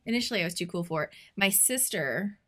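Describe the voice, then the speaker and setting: This thirties-aged woman co-hosts a podcast and speaks fast with a medium-pitched voice. Chatting casually, she relates something personal and animatedly performs the quoted lines.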